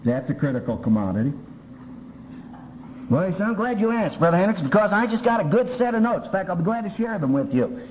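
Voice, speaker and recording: A high-voiced man talks at a quick pace. He's a seminary professor, funny and animated, bringing his lecture to life by acting out quoted voices. The old cassette recording sounds dull, with a faint hiss.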